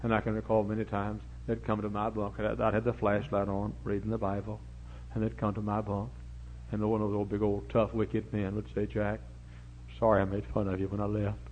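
A middle-aged man, preaching a folksy sermon full of rambling anecdotes and sudden loud emphatic bursts. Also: lowish voice, monotone, a little fast. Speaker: pastor. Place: church service before a congregation. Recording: dull lo-fi recording with faint hum.

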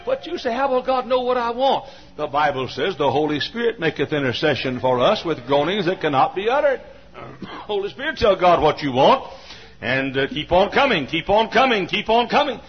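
A man preaching a sermon, repeating his phrases, swinging from shouts down to a low murmur, and often coughing and clearing his throat. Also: big pitch swings, moderate pace. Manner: repetitive, builds to shouting, then drops to a low murmur. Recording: dull lo-fi recording with faint hiss.

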